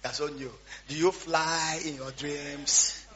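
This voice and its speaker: A man preaching a storytelling sermon, swinging between quiet asides and loud shouts. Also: fairly high pitch, level tone, measured pace. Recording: dull lo-fi sound with faint hum.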